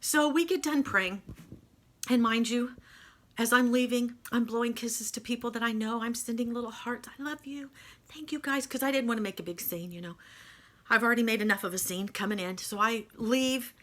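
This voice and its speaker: A woman telling a personal faith testimony, emotional and animated, with folksy asides. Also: on the high side, normal speed. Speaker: speaker sharing faith testimony.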